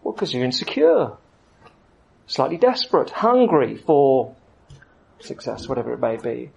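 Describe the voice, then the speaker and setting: A man preaching a sermon, with lively storytelling and rising emphasis. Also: mid-range voice, measured pace, gravelly, poor audio.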